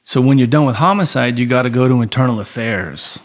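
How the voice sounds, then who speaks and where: A man's voice: medium pitch, fairly quick. A middle-aged man, a former soldier and police officer, telling stories in casual talk, acting out other people's voices and swearing freely. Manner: animated storyteller, acts out voices in quotes, heavy swearing. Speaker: podcast guest, former Navy SEAL and police officer. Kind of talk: casual storytelling.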